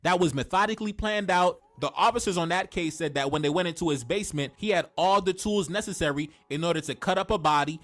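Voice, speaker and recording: A man's voice: high-pitched, quick pace, few pauses, a bit bright. A man commenting on a criminal case, talking in an explanatory way and often checking in with "right?".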